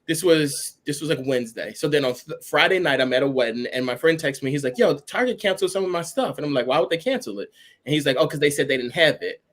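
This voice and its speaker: A man's voice: mid-range voice, fast, fairly bright tone. A man co-hosting a podcast, telling a long rambling story in casual chat and filling it with "or whatever". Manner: chatty, rambling, uses "or whatever" often. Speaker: podcast co-host.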